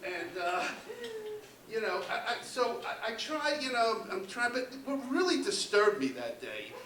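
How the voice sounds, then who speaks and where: A man in his fifties doing a stand-up set, halting and full of ums and repeated words, recorded in a club with audience laughter. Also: high-pitched, sing-song, a little hiss or hum. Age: 50s. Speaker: stand-up comedian. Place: comedy club stage. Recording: roomy club sound from a distance with loud crowd.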